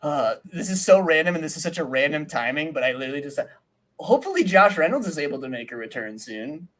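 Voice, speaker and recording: A young man co-hosting a sports podcast, breaking down game film in excitable casual chat, with lots of "like" fillers and casual swearing. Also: on the high side, fast. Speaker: podcast co-host and film analyst.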